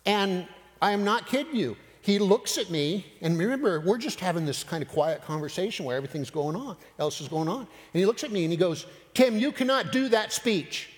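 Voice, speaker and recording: A man preaching, telling a personal story with animated retelling of dialogue. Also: high-pitched, a little fast. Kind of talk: sermon storytelling. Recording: long hall reverb.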